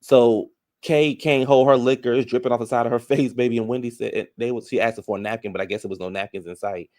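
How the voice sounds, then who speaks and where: A man with a mid-pitched voice gives a casual, sassy recap of a reality show. He talks back to what happened on screen, drawling some words and rushing through others. The sound is dry and close. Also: fairly even intonation, a little mellow, no room sound.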